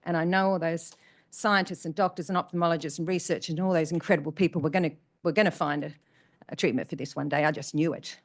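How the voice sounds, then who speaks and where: Earnest woman telling her story. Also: low-pitched. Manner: earnest, emotional, repeats phrases for emphasis. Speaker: motivational speaker. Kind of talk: personal talk to an audience. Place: community event room.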